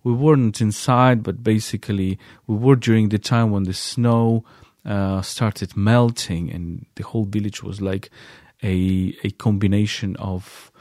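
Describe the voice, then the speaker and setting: A man with a fairly low voice tells of a visit in stops and starts, full of fillers and restarts. The sound is dry, with no room around it. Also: a little mellow, no room sound. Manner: hesitant, many fillers and restarts. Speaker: guest recounting a field visit. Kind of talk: halting spoken account.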